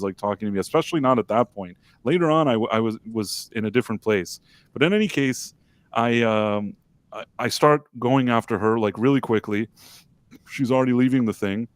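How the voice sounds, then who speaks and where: A man tells a story on a live stream in a loose, rambling, self-deprecating way, full of fillers and restarts. His pitch sits in the ordinary middle, and the sound is dry and close to the microphone. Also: no room sound. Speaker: livestream co-host.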